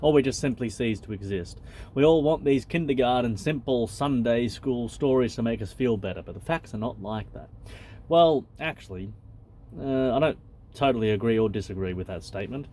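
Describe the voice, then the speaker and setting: A man's voice: mid-range voice, moderate pace, a little mellow, a little hiss or hum. A man, a channel host who reads a spiritual text aloud and comments on it in a blunt, loose and conversational way, swearing freely.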